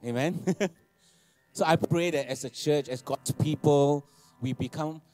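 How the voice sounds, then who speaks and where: Man, 30s, pastor preaching, animated, fairly high voice. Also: measured pace, faint music behind. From Malaysia. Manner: animated, laughing, repeats phrases and calls for amens. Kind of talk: sermon. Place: church hall.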